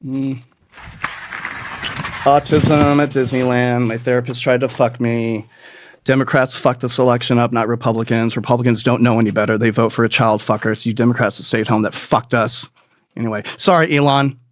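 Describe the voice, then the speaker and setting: Man, comic storyteller, rambling and profane, medium pitch, dry close sound. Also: fairly even intonation, moderate pace, dry recording. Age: adult. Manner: profane, rambling, jumps into high squeaky voices for quoted people. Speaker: comedy podcast host.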